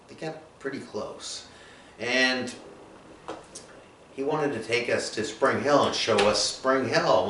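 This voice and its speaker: A man telling his own life story in a rambling, halting way, full of fillers and restarts. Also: medium pitch, pushed and bright. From Nova Scotia, Canada. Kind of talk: personal storytelling monologue. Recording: echoey room, mic at a distance, faint noise.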